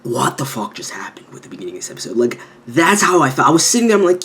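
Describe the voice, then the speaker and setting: A man reviewing an anime episode with hyped, animated energy, swearing freely and jumping into exaggerated quoted reactions. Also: medium pitch, fast, hardly any pauses, a little hiss or hum. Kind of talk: excited video review commentary.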